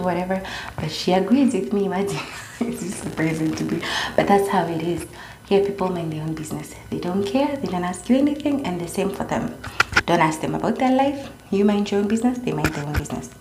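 A woman's voice: fairly low pitch, background noise. A young woman from Kenya with a Kenyan accent, chatting casually as a vlogger and slipping Swahili slang into her talk. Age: young adult. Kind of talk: casual chat. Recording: echoey room.

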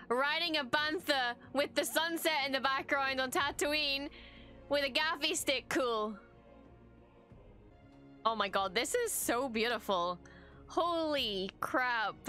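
Reaction host: woman, bright, high, unhurried voice, very emotional and exclamatory, swears a lot, faint music behind. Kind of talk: casual reaction commentary.

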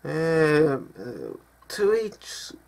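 A man's voice: a little high, wildly swooping pitch, extremely slow, vocal fry, a little mellow. A man giving ranting news commentary in a vlog, swearing often as he goes. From Britain. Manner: profane, angry ranting with frequent swearing.

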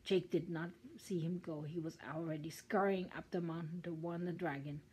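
A woman's voice: fairly low pitch, steady tone, normal speed, warm tone, slight background noise, low-quality recording. An older woman from Germany with a German accent, reading a children's story aloud with chatty asides. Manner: chatty asides between sentences.

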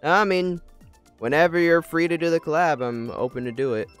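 A man's voice: a little high, moderate pace, smooth, faint music behind. A man hosting a casual gaming livestream, joking around and thanking viewers while he plays. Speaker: livestream host. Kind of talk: casual gaming stream chat.

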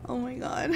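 Her tone is dark, with a little hiss or hum in the recording, as this woman live-streams a game and chats casually with her viewers. She comes across as apologetic and easy to startle.

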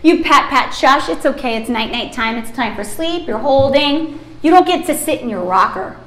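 A woman's voice: high voice, animated, moderate pace, fairly bright tone, roomy sound. A woman sleep consultant teaching a workshop, chatty and emphatic, acting out babies and parents as she explains.

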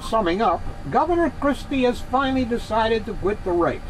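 A man co-hosting a casual political chat, who slowly reads opinion pieces aloud. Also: very high voice, animated, a little hiss or hum, low-quality recording. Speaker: co-host.

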